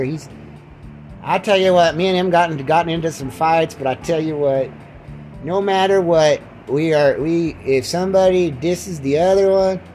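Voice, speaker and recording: A man's voice: on the high side, darkish tone, low-quality recording. A man hosting a casual podcast, rambling and repeating himself while joking around as he lies down. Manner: rambling, repeats words, jokey. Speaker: podcast host. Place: lying down indoors.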